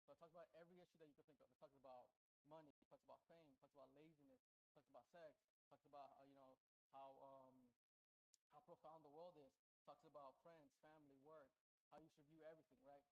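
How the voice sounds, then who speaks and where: A man's voice: on the high side, fairly even intonation, fast, slight background noise, low-quality recording. A man preaching a casual sermon in a church, chatty and loose, often checking in with the congregation. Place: church sanctuary indoors.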